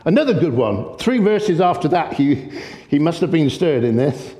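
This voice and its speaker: A man delivers a sermon with growing fervor. His voice sits fairly high but sounds mellow and warm. A long reverb trails each phrase, as if he were speaking in a large hall. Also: moderate pace. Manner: impassioned, gets excited and loud. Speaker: preacher.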